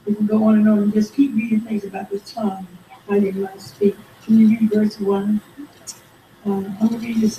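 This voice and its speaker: A woman leading a Bible study, animated and calling for amens as she reads scripture. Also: mid-range voice, normal speed, slight background noise. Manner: animated, calls for amen, reads scripture aloud. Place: church room. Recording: roomy, distant mic, faint background.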